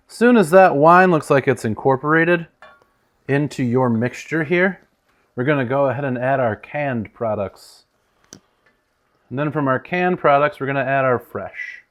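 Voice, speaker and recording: A chatty, joking man walks through a recipe in his home kitchen. His voice sits in an ordinary middle range and swings between bright, louder bursts and low asides. Now and then he drifts away from the microphone. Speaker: home cook host. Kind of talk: casual cooking demonstration.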